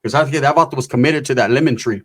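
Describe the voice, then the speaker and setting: A man's voice: medium pitch, very fast. A man telling a story in a casual, rambling way, full of slang and swearing.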